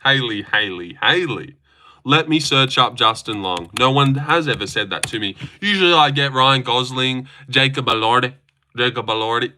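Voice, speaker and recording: A man's voice: mid-range voice, normal speed, bright, forceful tone. A young man with an Australian accent hosting a casual livestream, joking, swearing freely and reading chat aloud. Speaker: streamer host.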